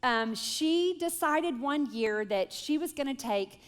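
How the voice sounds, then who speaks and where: A woman in her forties speaking to a moms' group, telling stories in an animated, self-deprecating way and leading a prayer. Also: sits high, slow. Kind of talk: live talk with prayer and storytelling. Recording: long hall reverb.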